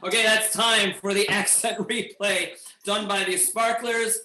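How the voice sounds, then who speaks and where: A man refereeing and hosting a live online improv comedy match, announcing games briskly. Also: high-pitched, fairly even intonation, sharp tone, reverberant, a little hiss or hum, poor audio.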